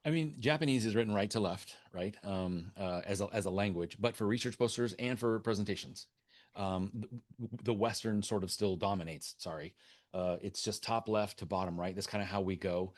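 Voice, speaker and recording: A man's voice: fairly low pitch, normal speed. A man answering questions as a webinar guest speaker, talking off the cuff with many restarts and fillers.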